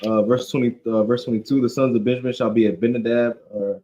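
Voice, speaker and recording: A man's voice: mid-range voice, level tone, quick pace, mellow, muffled recording, slight background noise. A man teaching scripture in a loose, joking, conversational way, often checking in with "you know what I'm saying". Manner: slangy and joking. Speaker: Bible study teacher.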